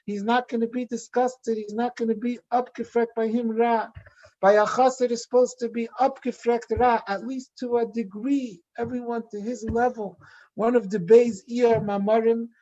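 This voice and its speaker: A man, a rabbi, giving a farbrengen talk with animated storytelling and frequent restarts. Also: extremely high pitch, normal speed, highs cut off.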